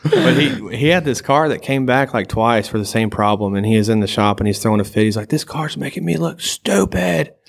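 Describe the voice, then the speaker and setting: A man co-hosting a podcast, telling anecdotes in relaxed casual chat. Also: on the low side, brisk. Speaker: podcast co-host.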